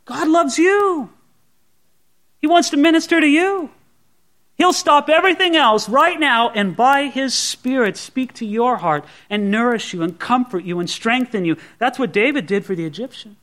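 A man's voice: extremely high pitch, moderate pace, fairly bright tone. A pastor preaching a sermon to his congregation in an earnest, conversational way, often asking rhetorical questions.

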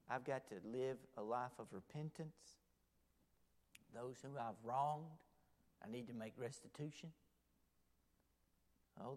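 Male pastor preaching, dramatic, goes loud then drops to almost a whisper, long echo from a big hall. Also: medium pitch. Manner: dramatic, swings between loud and near-whisper. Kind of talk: sermon.

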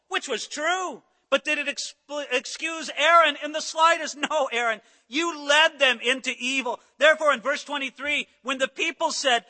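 Male pastor, high voice, lively sermon delivery with dramatized quotes. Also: normal speed, few pauses, big-room sound. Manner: animated preaching, acting out biblical voices.

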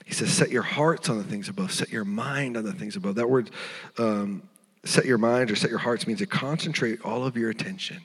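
A man preaching a sermon as pastor, earnest and tender, sometimes dropping to a hushed voice. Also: lowish voice, fairly quick, breathy edge, long reverb tail. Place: church sanctuary.

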